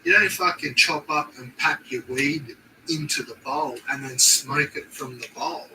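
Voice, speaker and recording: A man's voice: fairly high pitch, a little slow, sharp tone, distant mic, a little hiss or hum, low-quality recording. A young Australian man chatting casually on a stream, laid-back and swearing constantly in slang.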